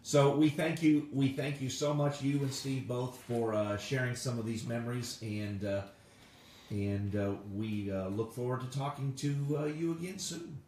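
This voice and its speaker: A male interviewer thanking his guests, speaking haltingly with many fillers. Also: mid-range voice, darkish tone. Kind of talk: interview wrap-up. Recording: echoey room, distant mic, faint noise.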